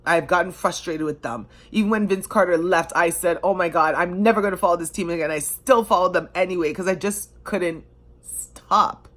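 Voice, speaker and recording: A woman's voice: on the low side, moderate pace, a bit bright. A woman from Canada telling her story as a devoted sports fan in a passionate, emotional, conversational way with many fillers. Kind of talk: personal storytelling to camera.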